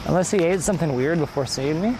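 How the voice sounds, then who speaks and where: Speaking quickly in a slightly high voice, a walking livestreamer chats casually with viewers on a countryside road. He's a bit out of breath from climbing, and background noise is audible.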